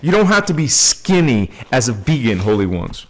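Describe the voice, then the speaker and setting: A man hosting a casual spiritual livestream, greeting viewers by name in a playful way and laughing often. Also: mid-range voice. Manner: relaxed and unhurried. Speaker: livestream host.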